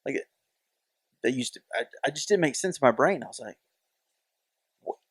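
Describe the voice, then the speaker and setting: Talking fast with a breathy edge, this medium-pitched man is recorded dry in clean studio sound. He's a podcast co-host in casual conversation, telling stories animatedly and playing the voices of everyone he quotes.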